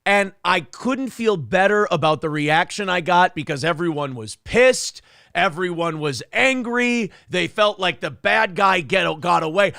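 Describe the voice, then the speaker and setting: A man's voice: sits high, lively intonation, measured pace, vocal fry, pushed and bright, no echo, studio quality. A man hosting a casual podcast, telling stories animatedly and slipping into funny voices for the people in them. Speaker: podcast host.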